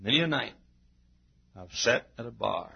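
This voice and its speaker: A man preaching a sermon to his church, repeating phrases and rising into shouted climaxes. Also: medium pitch, lively intonation, moderate pace, gravelly, slightly rough. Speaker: pastor. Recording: dull lo-fi sermon recording.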